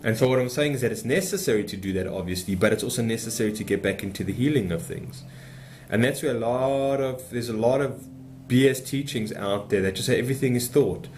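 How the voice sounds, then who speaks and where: A man's voice: mid-range voice, a little fast, darkish tone. A man giving an unscripted spiritual talk as a meditation teacher, speaking passionately and emphatically in a rambling way.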